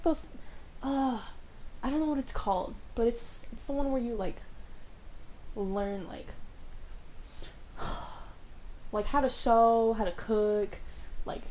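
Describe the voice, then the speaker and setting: A young woman streamer tells stories casually while gaming, rambling with lots of fillers, swearing freely and laughing often. Her voice is medium-pitched with a darkish tone. There's slight background noise.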